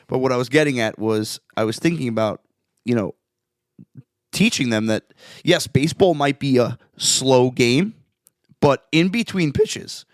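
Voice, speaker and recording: A man chats casually and reflectively as a podcast co-host. He restarts his sentences often, and his voice cracks now and then. He speaks at a medium pitch, and the sound is close and dry. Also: dry recording. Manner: earnest, reflective, halting restarts.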